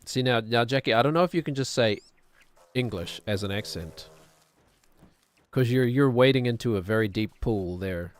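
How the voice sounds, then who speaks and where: A man's voice: mid-range voice, moderate pace. A middle-aged man from New Zealand with a New Zealand accent, chatting casually as a streamer while gaming, rambling and correcting himself as he goes. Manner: rambling, self-correcting, chuckling.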